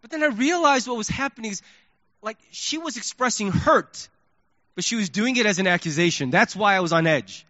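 High, bright-voiced pastor preaching. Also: male voice, a little fast, no room sound. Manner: animated storytelling, acts out his own thoughts. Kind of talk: sermon. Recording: dull lo-fi sermon recording.

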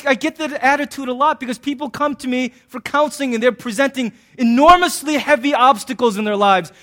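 A middle-aged man preaches with a light, high voice. He keeps things animated and jokey, slipping into little acted-out voices as he goes. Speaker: pastor. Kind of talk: sermon.

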